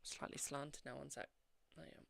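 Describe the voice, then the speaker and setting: A man's voice: mid-range voice, steady tone, brisk, vocal fry, noisy background. A man hosting a casual live-stream tarot reading, chatting affectionately with viewers and calling them "my darling".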